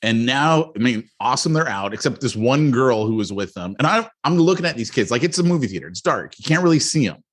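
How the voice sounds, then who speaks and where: A man co-hosting a podcast, casually retelling a story with lively quoted asides. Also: mid-range voice, quick pace, hardly any pauses. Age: adult with a ten-year-old son. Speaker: podcast co-host.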